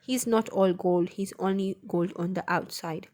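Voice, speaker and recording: A woman's voice: medium pitch, steady tone, normal speed, darkish tone, lightly acted. A woman reading the lines of a small, kind male bird in a storybook, plain and wondering.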